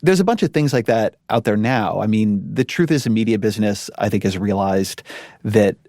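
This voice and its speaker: A man who once ran a media company, speaking as a guest in a thoughtful, measured way with frequent restarts. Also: on the low side, a little mellow, dry recording. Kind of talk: interview conversation.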